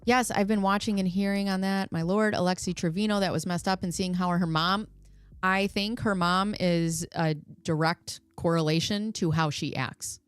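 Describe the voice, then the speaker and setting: A woman's voice: lowish voice, steady tone, moderate pace, clear, resonant tone, no room sound, faint music behind. A woman hosting a casual livestream from America, chatty and joking as she reads out viewer comments. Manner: chatty, laughs often, jokey. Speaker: livestream host.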